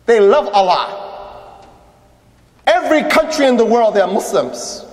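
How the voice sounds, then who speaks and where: A man, an imam, telling his story in a lively religious lecture and acting out the voices of people he quotes. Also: very high voice, measured pace. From United States. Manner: animated, acts out quoted voices. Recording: echoey hall with long reverb.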